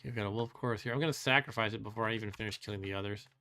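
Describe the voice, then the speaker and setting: A man's voice: on the low side, rapid-fire, sharp tone, slight background noise. A man hosting a let's play, thinking aloud as he plays, musing and second-guessing himself with wry complaints and frequent chuckles. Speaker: host.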